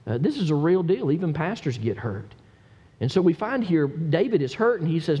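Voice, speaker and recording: A man preaching a sermon as a pastor. He reads scripture and swings from low murmurs up to emphatic cries. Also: animated, a little fast, husky. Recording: echoey hall, dull lo-fi sound.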